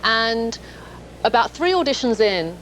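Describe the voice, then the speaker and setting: A woman's voice: fairly high pitch, very animated, a little slow, fairly bright tone, a little hiss or hum, rough recording. A woman in her thirties from London with a London accent, chatting as a guest on a TV shopping show and laughing often. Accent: London English. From England. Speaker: guest actress. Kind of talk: casual chat. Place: TV shopping studio.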